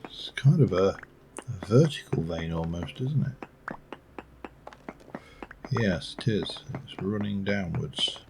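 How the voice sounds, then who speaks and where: A man's voice: low-pitched, expressive, takes it slowly, gravelly, long pauses, noisy background. A middle-aged man giving rambling, musing let's play commentary with dry asides. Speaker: gameplay commentator.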